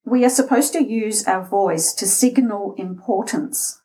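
A middle-aged Australian woman, a voice and interview coach, explaining speech habits in a deliberate way, with a slightly scratchy voice and shifts in pace and loudness for emphasis. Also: medium pitch. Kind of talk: instructional talk.

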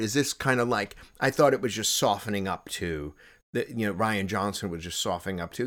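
A man with a fairly low voice chatting casually about films. He talks excitably, with repeated words and restarts, and his pitch jumps when he gets worked up. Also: moderate pace. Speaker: podcast co-host. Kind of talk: casual film discussion.

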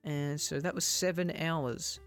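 A man's voice: fairly high pitch, steady tone, measured pace, fairly bright tone, soft background music. A young man hosting a casual solo podcast, rambling, joking at his own expense and stumbling over words. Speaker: podcast host.

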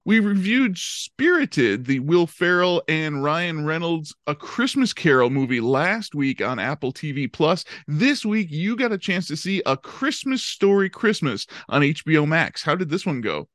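A man's voice: fairly high pitch, big pitch swings, a little slow, hardly any pauses, fairly bright tone, dry recording, studio quality. A man hosting a podcast in casual comedic chat, friendly and playful, stammering at times. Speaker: podcast host.

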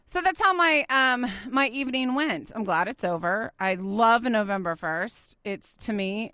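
Casting: woman podcast host, 30s, bright crisp voice, chatty animated storyteller, dry close mic. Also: mid-range voice, no room sound. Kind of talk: casual faith podcast monologue.

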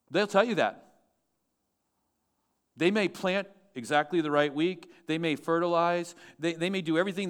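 A man's voice: on the high side, a bit bright, clean tone. A man pastor preaching a sermon to his church, emphatic and asking the congregation questions.

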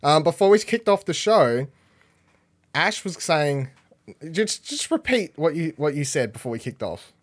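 An energetic man hosts a casual podcast, chatting in a loose, rambling way. His voice sits a little higher than most men's. He keeps the talk upbeat and moving. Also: a little slow. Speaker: podcast host.

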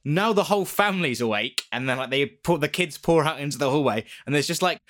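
A man's voice: a little high, quick pace. Rambling man telling a story. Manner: rambling and animated, swears, laughs often. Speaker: podcast co-host. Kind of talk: casual storytelling chat.

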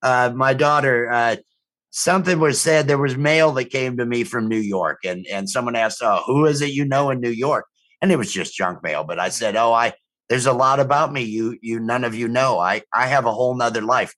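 A middle-aged man co-hosting a casual podcast at an ordinary pitch. He tells rambling, profane stories about his kids, stopping and restarting his sentences often. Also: moderate pace, a bit bright. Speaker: podcast co-host. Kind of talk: casual chat.

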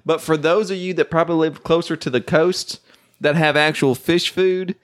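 A man's voice: fairly high pitch, fairly even intonation, normal speed, smooth. A man from the United States hosting a casual board game chat, rambling with wry asides. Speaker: podcast host.

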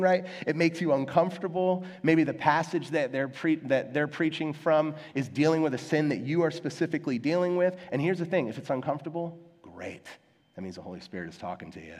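A man's voice: fairly high pitch, expressive, fairly quick, darkish tone. A young adult male pastor preaching a conversational, self-deprecating sermon, acting out quoted voices in his stories. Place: church sanctuary. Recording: long hall reverb.

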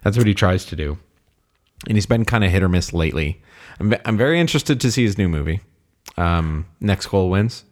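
A man hosting a casual movie podcast, relaxed and laughing often, with lots of fillers. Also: deep voice, brisk. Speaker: podcast host.

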